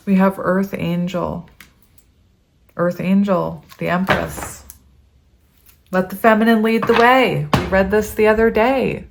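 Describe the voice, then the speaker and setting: A woman doing a casual tarot reading, chatty and emotional, reading passages aloud with many pauses and ums. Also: mid-range voice, steady tone, gravelly, noisy background. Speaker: tarot reader.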